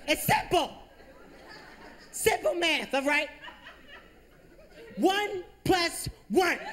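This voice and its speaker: A male comedian putting on his strict, over-religious mother, yelling and scolding in a high shrill voice. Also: heavily acted. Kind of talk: stand-up impression.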